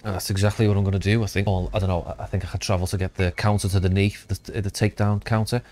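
A man's voice: deep voice, little pitch movement, racing, a little mellow. A man from around Liverpool giving casual gameplay commentary, rambling, thinking aloud and swearing. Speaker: gaming youtuber.

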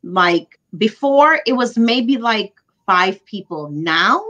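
A woman's voice: mid-range voice, expressive, pushed and bright, muffled recording. Teasing woman in her forties. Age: 40s. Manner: quick quips, teasing, many short agreements. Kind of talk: casual live chat.

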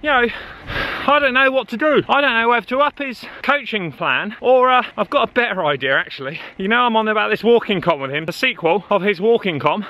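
A man's voice: high voice, animated, fairly quick, bright, forceful tone. A man, chatting casually while out cycling, joking and swearing freely. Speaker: cycling vlogger. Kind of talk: casual chat while riding. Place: outdoors on a bike on country roads. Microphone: action camera on the bike.

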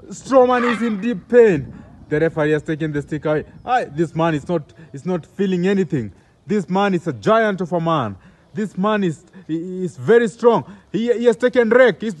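High-voiced excitable Kenyan man commentating. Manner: excitable, exclaiming, repeating phrases. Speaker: comedic wrestling commentator.

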